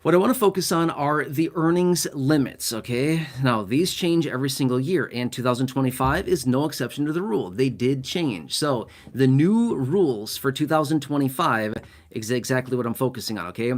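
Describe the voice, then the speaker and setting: A man's voice: medium pitch, expressive, moderate pace. A man hosting a casual explainer, chatty and digressive, often checking in with the listener. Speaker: YouTube host explaining disability benefits.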